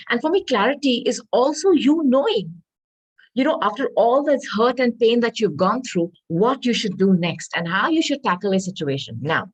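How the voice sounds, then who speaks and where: A woman giving a tarot reading to viewers, earnest and reassuring, often pausing to hunt for the right word. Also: a little high, a little mellow, slightly rough, rough recording. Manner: earnest, reassuring, searches aloud for words; addresses viewers as darling. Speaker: tarot reader.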